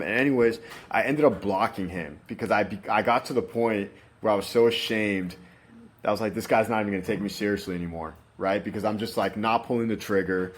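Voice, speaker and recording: A man's voice: fairly low pitch, a little fast. A young man telling his own story in a candid, casual way, swearing freely and filling his talk with "like" and "you know". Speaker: interview guest.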